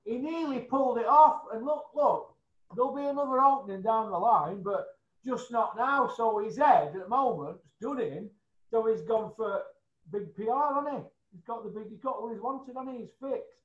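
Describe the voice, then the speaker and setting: A man's voice: extremely high pitch, moderate pace. A man ranting bluntly in casual chat, swearing freely and tagging his points with questions. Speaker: show regular. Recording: roomy, slightly dull sound.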